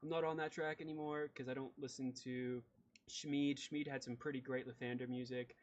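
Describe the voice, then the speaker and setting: A man's voice: mid-range voice, little pitch movement, normal speed, close to an everyday voice. A man voicing a stout, laid-back young blacksmith who talks casually. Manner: casual, easygoing.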